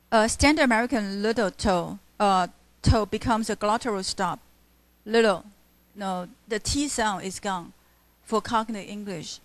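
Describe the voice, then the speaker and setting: A female literature teacher, giving a classroom lecture in a halting style full of fillers and self-corrections. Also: medium pitch. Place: university classroom.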